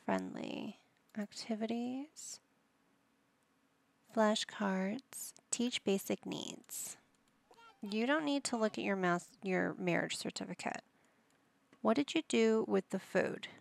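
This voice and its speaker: Slow, gravelly-voiced woman gaming host. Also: mid-range voice, no room sound. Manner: bossing game characters around like a patient parent. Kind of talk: casual gameplay commentary.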